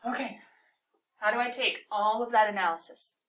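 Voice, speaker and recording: A woman teaching a calculus class, talking through a problem and firing quick questions at her students. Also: mid-range voice, pushed and bright, far from the mic, poor audio. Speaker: math teacher.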